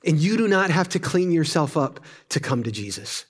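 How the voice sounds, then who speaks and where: A man preaching a sermon at a church service, impassioned, often sinking to hushed, intimate tones. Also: fairly high pitch, very animated, moderate pace. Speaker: pastor.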